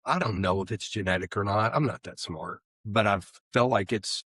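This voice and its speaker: Earnest low-voiced middle-aged man. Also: normal speed, slightly rough, dry recording. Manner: earnest, animated when acting out his old excuses. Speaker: guest sharing recovery story. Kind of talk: candid storytelling interview.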